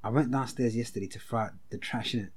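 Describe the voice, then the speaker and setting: A man's voice: medium pitch, husky. A young man, co-hosting a podcast in casual, teasing chat over a video call. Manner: teasing, quick, breaks into laughter. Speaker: podcast co-host.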